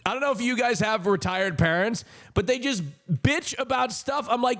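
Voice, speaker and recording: A young man streaming, telling a rambling casual story with sudden high joking outbursts. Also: normal speed, few pauses, fairly bright tone.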